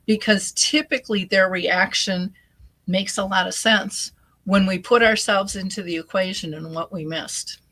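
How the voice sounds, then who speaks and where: A middle-aged woman, a guest on a talk show, telling a story in an animated way and acting out the people in it. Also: medium pitch, a little slow, low-quality recording. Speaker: guest, dementia advocate.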